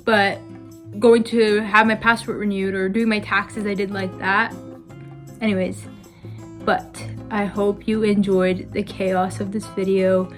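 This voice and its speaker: A young adult woman vlogging in a casual, chatty way, dramatically complaining and using lots of "like" fillers. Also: medium pitch. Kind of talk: casual vlog chat.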